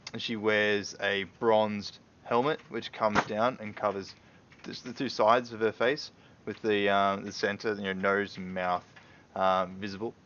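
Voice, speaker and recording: A man's voice: fairly low pitch, a bit bright, lo-fi sound. A man, running a tabletop game as game master in a loose, rambling way. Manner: loose, rambling, many fillers and restarts. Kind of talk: narrating a tabletop game on a livestream.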